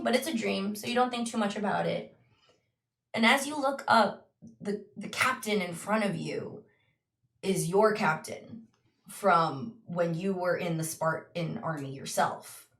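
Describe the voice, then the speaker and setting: A woman game master slowly narrating a tabletop dream scene, with small restarts. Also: on the low side, fairly bright tone, distant mic. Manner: slow, descriptive storytelling with restarts. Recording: echoey room, voice off-mic.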